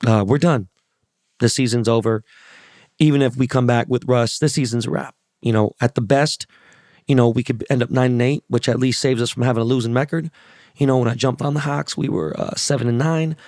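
Guy with a shot, hoarse voice doing a casual podcast rant, dry room. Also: medium pitch, steady tone, a little fast, darkish tone, no echo. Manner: blunt, swears a lot, rambling. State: hoarse, lost voice. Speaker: podcast host. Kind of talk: casual profane podcast monologue.

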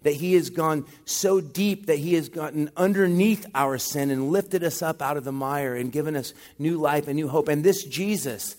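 A man giving a sermon as a guest pastor, talking conversationally with self-deprecating humor and rising louder on emphatic points. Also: a little high, moderate pace, few pauses.

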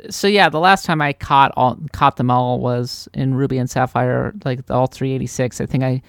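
Woman from the Midwest, podcast co-host, clear crisp voice, dry sound, enthusiastic chatter. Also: a bass voice, fairly even intonation, moderate pace, dry recording. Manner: chatty, enthusiastic, self-deprecating. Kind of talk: casual podcast chat.

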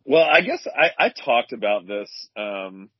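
A man's voice: mid-range voice, very animated, unhurried, dry recording, muffled recording. A man in his thirties co-hosting a podcast, chatting in a laid-back, rambling way with lots of fillers. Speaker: podcast co-host. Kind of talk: casual chat.

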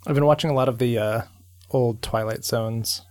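A man co-hosting a podcast in casual, halting chat, often restarting his sentences. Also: medium pitch, steady tone, no room sound. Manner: hesitant, restarts and trails off. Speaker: podcast co-host.

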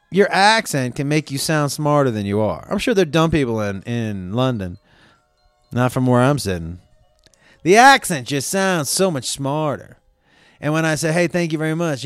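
A man's voice: fairly high pitch, smooth, no room sound, clean studio sound. A man hosting his show, telling a long casual story with lots of swearing, asides and self-corrections. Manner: rambling, profane, self-correcting.

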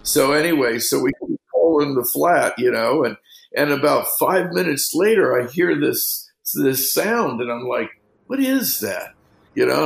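A middle-aged fishing guide, telling rambling anecdotes in a casual interview and leaning on "you know" constantly. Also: male voice, mid-range voice, gravelly, echoey room, background noise.

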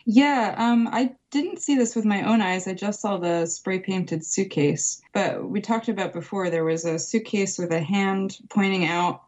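A woman telling a story as a podcast guest from her home, lively, laughing often and acting out voices. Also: medium pitch, a little slow, hardly any pauses. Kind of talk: casual storytelling interview.

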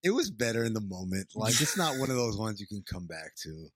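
A man's voice: lowish voice, very animated, fairly quick, no echo. A man co-hosting a podcast, chatting casually and laughing easily. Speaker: podcast co-host. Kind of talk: casual chat.

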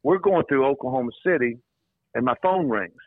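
An older man calls in to a radio show and tells a long story, tripping over and repeating his words as he goes. His voice sits at a middling pitch. It comes through a tinny, dry phone line. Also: lively intonation, fairly quick, no room sound. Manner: rambling, repeats words as he talks. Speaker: former college football coach, guest.

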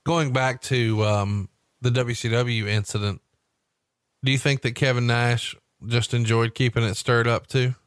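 A man's voice: mid-range voice, a little slow, clear, resonant tone, dry recording, clean studio sound. A man hosting a podcast, reading book passages aloud with wry asides and asking questions. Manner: steady read-aloud delivery with wry asides. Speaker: podcast host.

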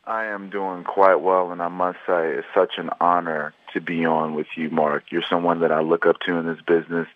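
A man's voice: deep voice, little pitch movement, normal speed, few pauses. A man from Chicago, a guest author, telling his life story earnestly in an interview. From Chicago, USA. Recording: tinny phone line.

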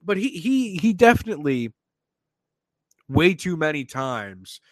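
A man hosting a sports podcast, talking in an animated, excitable way with lots of restarts. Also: on the high side, a little slow, no echo. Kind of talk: casual sports talk.

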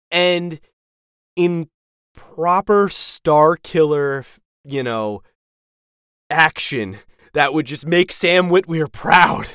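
Lively man with a dry, close sound. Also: fairly high pitch, dry recording. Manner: animated storyteller, chatty, swearing. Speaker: podcast co-host. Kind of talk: casual chat recapping a TV episode.

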